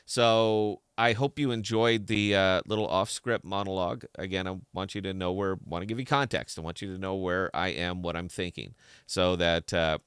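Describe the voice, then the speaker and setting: A man's voice: sits low, fairly even intonation, moderate pace, fairly bright tone, clear, resonant tone, no room sound, studio quality. A man hosting a podcast in an opinionated, heated solo rant, talking with a slight lisp and repeating words as he gets worked up. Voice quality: slight lisp from a dental hole. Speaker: podcast host.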